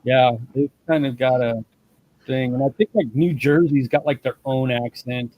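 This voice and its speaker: A man in a casual livestream chat who talks in a relaxed, rambling way. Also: mid-range voice, normal speed, no room sound, highs cut off.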